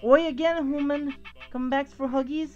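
A bouncy, broken-speaking little cat-dog creature girl chirps in a high voice, as a woman puts her on. She talks in excited baby talk, with faint game music playing behind. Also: normal speed, dull audio, lightly acted.

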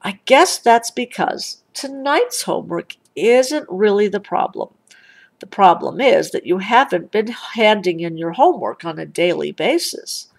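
A stern, fair-minded father bear from a storybook, read aloud by a woman. The voice lectures slowly and swings widely in pitch, with a gravelly edge. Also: lively intonation.

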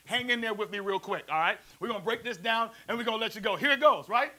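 A man preaching a sermon as pastor, lively and playful, calling on the congregation to answer back. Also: sits high, fast, rough recording. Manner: preachy, call-and-response, playful asides. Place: church service also streamed to a prayer line.

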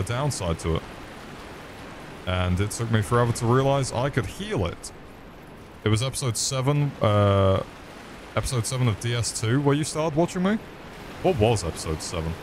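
A young British man giving live gameplay commentary, excitable and sweary as he chats with viewers. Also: fairly low pitch, a little hiss or hum. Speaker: streamer.

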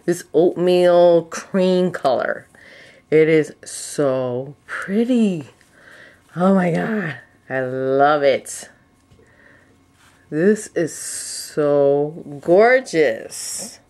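A woman chats through an unboxing of her new craft kit, gushing at every item. She talks at an unhurried pace, but her voice swoops widely and jumps into high excited squeals. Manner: gushing, breathless exclamations, leaps to high squeals. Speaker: crafting vlogger.

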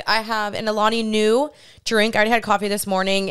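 Woman, twenties, podcast host, bubbly, chatty, smooth clear voice, indoor podcast mic. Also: mid-range voice, little pitch movement, quick pace, fairly bright tone. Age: 20s. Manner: bubbly, chatty, laughs often. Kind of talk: casual solo podcast chat. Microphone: studio podcast mic, seen on camera.

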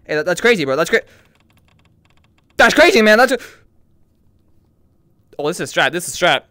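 A woman's voice: low voice, expressive, a little fast, a bit bright, no echo. A woman giving profane, reactive commentary as she plays a video game, exclaiming and shrieking at jump scares. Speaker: video game let's player.

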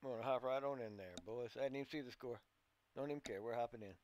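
A man's voice: medium pitch, fast talker. A man giving casual play-by-play commentary on a basketball video game, talking like a folksy coach who keeps calling his players boys and son. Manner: gets louder and more urgent during play. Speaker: gaming commentator.

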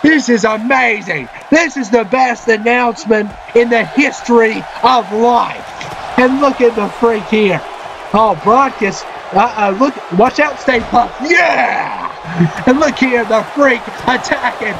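A man who is a parent, commentating a wrestling video game with excitement, often shouting and cheering. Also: extremely high pitch, slow, creaky, crowd noise, background noise. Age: adult, a parent. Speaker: gaming channel host. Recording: loud game music underneath.

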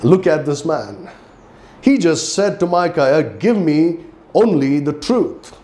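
A pastor with an Indian English accent and a slightly high, mellow voice preaches slowly in a sing-song manner. His sermon is emphatic, with scripture read aloud at rising intensity.

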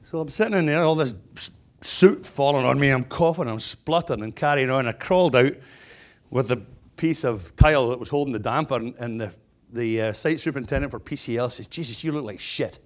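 A middle-aged man giving a keynote, spinning funny anecdotes in a loose, chatty way. He circles back and restarts as he talks, and his voice sits at an ordinary middle pitch. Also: fairly quick. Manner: humorous storyteller, chatty with restarts. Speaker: keynote speaker, stonemason business owner.

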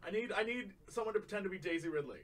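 A man's voice: high-pitched, lively intonation, racing, heavy background noise. A man popping in from across the room with pushy, joking requests.

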